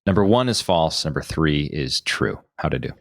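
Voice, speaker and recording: A man's voice: rumbling low, very animated, moderate pace, no room sound, clean studio sound. A man co-hosting a podcast, thinking aloud and reasoning through his guesses in casual chat. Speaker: podcast co-host.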